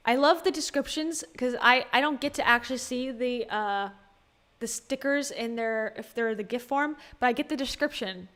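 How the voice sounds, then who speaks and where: A woman's voice: on the high side, normal speed, fairly bright tone. A woman giving casual livestream commentary on a podcast, chatty and exasperated, reading viewer comments aloud.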